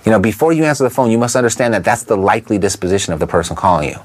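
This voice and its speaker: A man teaching real estate investors how to talk to motivated sellers, in a lively coaching manner that keeps asking the listener rhetorical questions. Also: on the low side, racing. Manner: briefly imitates a Texan twang. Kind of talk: instructional talk to camera.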